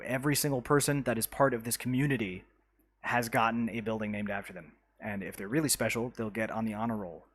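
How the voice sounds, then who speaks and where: A man chatting live to his viewers while showing off his city-building game, talking in a relaxed, halting way full of "uh"s and restarts. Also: mid-range voice. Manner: greets chat viewers by name. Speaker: live streamer.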